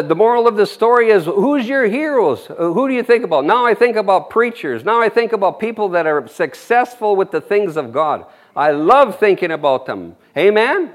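A man preaching an informal sermon, rambling and folksy, with frequent amens and chuckles. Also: high-pitched.

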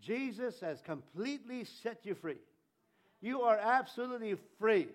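A middle-aged male pastor giving a conversational Easter sermon, animated with jokey asides and audience questions. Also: high voice, moderate pace.

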